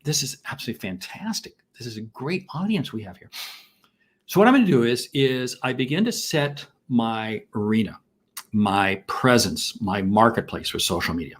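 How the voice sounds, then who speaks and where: A middle-aged American man hosting a live sales masterclass, enthusiastic and full of rhetorical questions and shout-outs to viewers. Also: medium pitch, lively intonation, moderate pace, husky. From United States. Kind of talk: energetic live-stream teaching.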